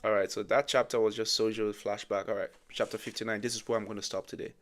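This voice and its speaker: A man reviewing a manga, reading lines aloud and breaking into excited reactions. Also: lowish voice, fast. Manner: reads dialogue aloud, reacts with loud bursts and laughs.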